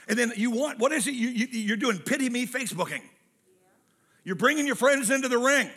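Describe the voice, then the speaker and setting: Preaching a sermon, this male pastor has a high, bright, forceful voice and speaks a little fast. He's lively and funny, slipping into character voices for quotes and repeating key phrases to hammer them home.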